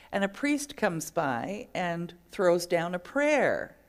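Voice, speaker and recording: A woman's voice: medium pitch, very animated, slow, hardly any pauses. A middle-aged woman minister giving a sermon, telling stories and acting out the voices in them. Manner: storytelling, acts out quoted voices.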